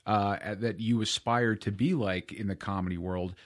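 Male podcast host, somewhat low voice, rambling and full of restarts. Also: steady tone, normal speed. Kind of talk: casual interview chat.

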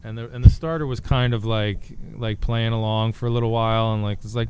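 Brief: male author guest, lowish voice, jokey and rambling, faint background hum. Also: steady tone, brisk, few pauses, a little mellow. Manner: joking, rambling with restarts. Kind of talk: casual podcast chat.

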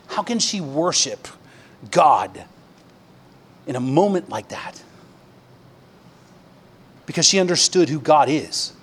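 Animated man preaching a sermon. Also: a little high, slightly rough. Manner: conversational preaching with fillers, swinging from hushed to emphatic. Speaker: pastor.

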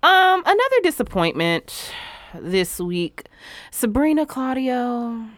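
A woman co-hosting a podcast in candid casual chat, animated and profane. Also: on the high side, slow, no echo, studio quality. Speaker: podcast co-host.

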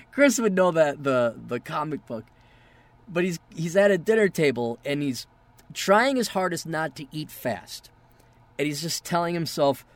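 Male podcast host, high pitch, profane ranting monologue, dry booth. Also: no room sound.

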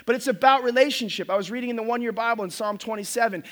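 A middle-aged man preaching a sermon to his congregation as pastor, telling stories in an animated, self-mocking way. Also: very high-pitched, rapid-fire. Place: church service before a congregation.

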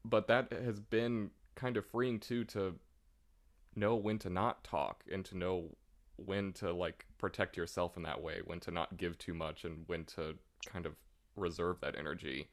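A man's voice: deep voice, fairly even intonation, measured pace. A young man talking casually, rambling with many fillers as he describes his struggles. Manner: rambling, lots of fillers and likes. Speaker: guest. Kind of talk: casual conversation.

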